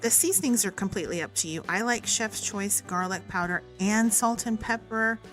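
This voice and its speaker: A woman's voice: medium pitch, animated, moderate pace, fairly bright tone. A woman, hosting a recipe tutorial in a friendly, upbeat instructional manner. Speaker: cooking channel host. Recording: faint music behind.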